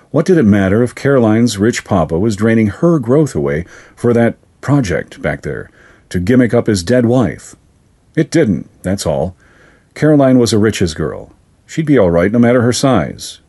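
Low-voiced man reading a story. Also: dark tone, slightly rough. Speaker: narrator. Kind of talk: scripted story narration.

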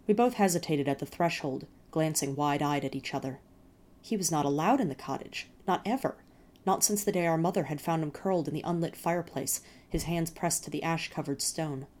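Low-voiced woman narrating a story. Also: a little fast, darkish tone. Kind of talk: first-person fiction reading.

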